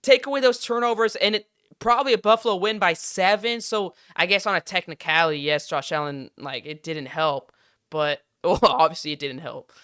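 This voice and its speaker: A man's voice: high-pitched, moderate pace, sharp tone, clear, resonant tone, dry recording, studio quality. A young man hosting a sports podcast, ranting heatedly and with plenty of swearing. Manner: heated, profane, exasperated ranting. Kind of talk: casual sports rant.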